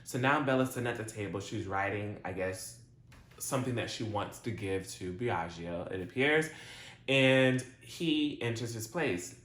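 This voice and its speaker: A man's voice: fairly low pitch, lively intonation, measured pace, a bit bright. A man giving a casual recap of a TV episode in a chatty, slangy way, full of "like". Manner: chatty retelling, heavy use of "like" and slang. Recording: roomy echo.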